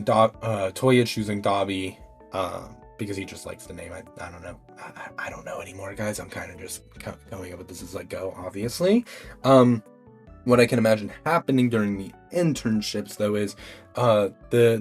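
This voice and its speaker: Husky man rambling through a story. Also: fairly low pitch. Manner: rambling, with fillers and restarts. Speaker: YouTube storyteller. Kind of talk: casual, improvised storytelling.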